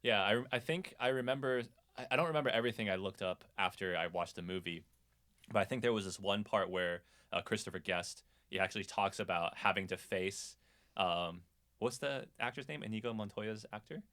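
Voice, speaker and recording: A man with a very low voice co-hosts a casual podcast. He talks in an easygoing, hesitant way. His sentences often fade out quietly. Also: a little fast. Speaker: podcast co-host. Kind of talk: casual chat about a film.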